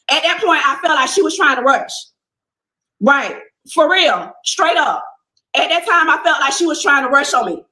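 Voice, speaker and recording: Young woman, casual storyteller vlogging to her followers, sharp bright voice, acts out the other people in the story. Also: sits high, normal speed, reverberant, low-quality recording. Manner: animated, talks to viewers as y'all, acts out what people said. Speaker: person telling a personal story. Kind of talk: casual first-person storytelling.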